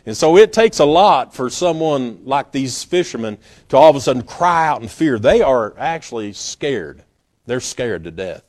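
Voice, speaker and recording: With a medium-pitched voice, this preacher delivers a folksy, story-driven sermon, dramatizing scenes and erupting into abrupt loud bursts.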